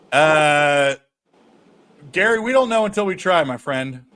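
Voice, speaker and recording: A man's voice: a little high, expressive, takes it slowly, a bit bright. A man hosting a casual podcast chat, rambling and restarting his sentences often. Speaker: host.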